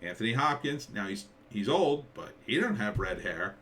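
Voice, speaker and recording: A man's voice: fairly low pitch, sing-song, normal speed, fairly bright tone, recorded from a distance, a little hiss or hum. A man, a screenwriter, ranting casually about a movie trailer, rambling and incredulous with lots of filler words.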